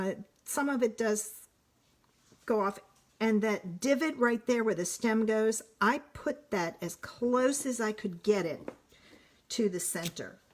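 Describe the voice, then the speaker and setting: Slow, chatty woman crafting live. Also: medium pitch, slight background noise. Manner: chatty, thinks aloud, slow and unhurried, self-correcting. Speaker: card-making demonstrator on a live stream. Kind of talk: casual live crafting demo.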